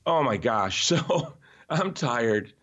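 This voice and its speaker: A man talking as a podcast guest in an emphatic, animated way, often restarting his sentences. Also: mid-range voice, takes it slowly. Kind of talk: conversational podcast interview. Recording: slightly dull, lo-fi audio.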